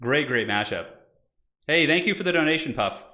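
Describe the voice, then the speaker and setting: A young man casually commentating a live game stream, excitable and joking. His voice is bright and forceful, and his pitch swings a lot. He chats straight to his viewers. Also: moderate pace. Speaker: streamer hosting multiplayer matches.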